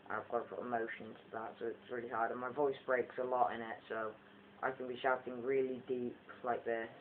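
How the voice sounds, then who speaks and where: A teenage boy, his voice breaking, chatting jokily to his viewers and his cat in a rambling vlog at home. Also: medium pitch. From England. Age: teens. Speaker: vlogger. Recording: tinny phone-like sound, faint noise.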